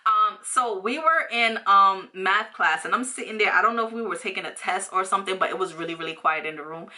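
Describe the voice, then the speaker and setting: A woman's voice: medium pitch, a little fast, bright, forceful tone. A young woman from New York telling a storytime vlog, rambling with lots of fillers and slang. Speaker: vlogger.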